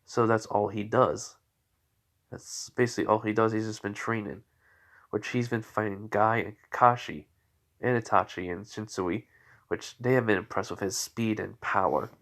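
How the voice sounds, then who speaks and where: A man's voice: lowish voice, fairly even intonation, normal speed, fairly bright tone. A tired man casually telling an unscripted fan story, rambling and correcting himself with many fillers. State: tired, yawning.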